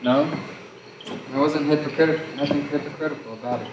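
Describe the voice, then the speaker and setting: A teenage actor brings a fast-talking, sardonic young man full of big words. He sounds distant and roomy on a school stage, with a faint hiss behind. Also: on the high side, natural voice. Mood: insistent. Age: teens. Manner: wordy, sardonic, theatrical. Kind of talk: high school stage play.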